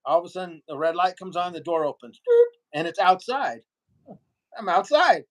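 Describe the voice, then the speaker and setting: Male interview guest, higher voice, lively raconteur who voices the people in his story. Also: normal speed. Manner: animated storyteller, acts out other people's lines.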